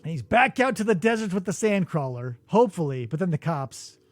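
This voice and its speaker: A man hosting a podcast in casual chat, telling stories in an animated way, acting out quotes and swearing freely. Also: high voice, a little fast, dry recording. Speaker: podcast host. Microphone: studio microphone.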